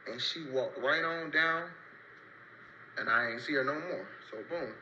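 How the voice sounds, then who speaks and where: Bright-voiced young man telling a street story. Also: measured pace, dull audio, a little hiss or hum. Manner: slang-heavy, loose rambling narration with repeated "so boom" beats. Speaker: storyteller in a played clip. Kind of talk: casual story time.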